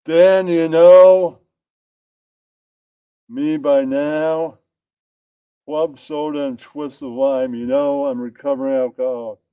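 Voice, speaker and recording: A man voicing a sober middle-aged male comedian who talks in a slow drawl. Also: a little high, steady tone, clean tone, no echo, lo-fi sound.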